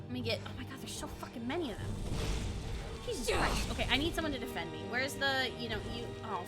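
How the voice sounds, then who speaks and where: A woman streaming a game, chatting casually, expressive and swearing freely. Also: a little high, fast talker. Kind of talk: casual gameplay commentary. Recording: music behind the voice.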